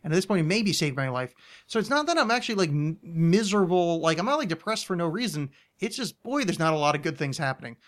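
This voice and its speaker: A man's voice: a little high, very animated, fast talker. This is a man. He hosts a loose, casual podcast, rambling in a self-deprecating way and restarting his sentences as he goes. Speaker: podcast host.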